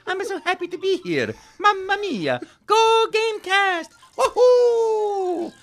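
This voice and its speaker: A man's voice: very high-pitched, big pitch swings, slow, creaky, a bit bright, soft background music, pitched above the performer's own voice, full character voice. A man voicing a cheerful, bouncy cartoon plumber hero in a bubbly, squealing manner. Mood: gleeful.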